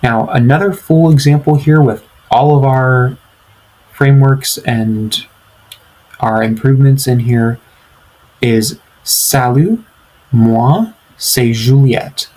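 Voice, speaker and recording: A man's voice: mid-range voice, steady tone, slow, long pauses, darkish tone, rough recording. A man teaching beginners in a language tutorial, speaking patiently and repeating each phrase for learners to follow. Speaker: French teacher.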